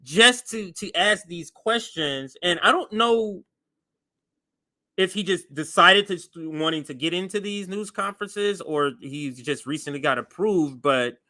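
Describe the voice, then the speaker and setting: A man hosting a commentary show, reacting to a press briefing clip in an animated, incredulous, mocking way. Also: sits high, measured pace. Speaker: commentary host.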